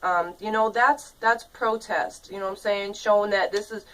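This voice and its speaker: A woman in her thirties delivers a casual vlog rant that is angry, profane and rambling, full of fillers. Her voice is of middle pitch. She sits a little back from the microphone, so it sounds slightly distant. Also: steady tone, moderate pace, fairly bright tone. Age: 30s.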